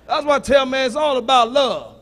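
High-voiced profane stand-up comic. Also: male voice, brisk. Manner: profane, bluntly teases and shouts at the audience. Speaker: stand-up comedian. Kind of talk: stand-up comedy.

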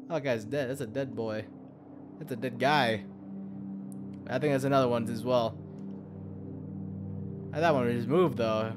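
A man's voice: medium pitch, steady tone, normal speed, long pauses, background noise. A young man giving profane, rambling gameplay commentary, muttering to himself and yelping in alarm now and then. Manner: swears a lot, mutters to himself, sudden yelps of alarm. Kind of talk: profane let's-play commentary.

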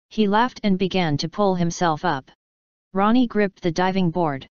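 Smooth-voiced woman reading a novel. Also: lowish voice, moderate pace, darkish tone, dry recording. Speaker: audiobook narrator. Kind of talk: scripted narration. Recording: dull dry audiobook recording.

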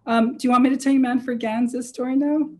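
A woman's voice: sits high, steady tone, brisk. A woman author being interviewed, recounting anecdotes with energy and frequent self-corrections. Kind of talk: lively anecdotal storytelling.

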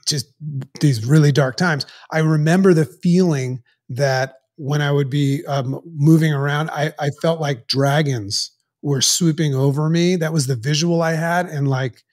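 A man's voice: fairly high pitch, steady tone, darkish tone. Earnest man telling a personal story. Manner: earnest, halting, with many restarts. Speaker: podcast guest.

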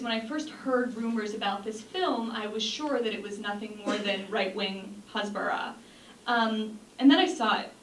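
A young woman gives an earnest talk to an audience, with frequent ums and restarts. Her voice is fairly high and a bit bright, recorded from a distance in an echoey room with faint noise.

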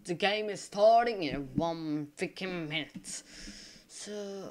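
A young man, an English speaker, giving rambling, excitable commentary over his own gameplay. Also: high-pitched. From Russia. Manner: excitable, rambling, quick to complain and panic. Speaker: gaming YouTuber.

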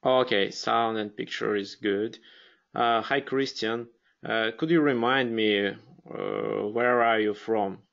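A man's voice: fairly low pitch, slow, creaky, fairly bright tone, highs cut off. A man with a Russian accent hosting a live webinar, speaking hesitantly with many fillers and restarts. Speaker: webinar host.

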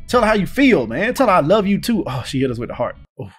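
Lively, hyped man in game commentary. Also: on the high side, quick pace. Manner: hyped, reads text messages aloud and reacts with slang banter. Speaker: gaming video host. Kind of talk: playthrough commentary. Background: faint game music.

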